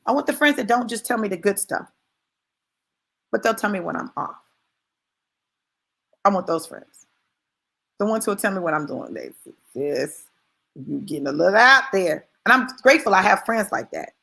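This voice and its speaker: A woman's voice: medium pitch, big pitch swings, normal speed, creaky, long pauses, a bit bright. A woman giving a motivational talk, speaking emphatically and conversationally straight to her listeners and repeating key phrases for stress. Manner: conversational, addresses listeners directly.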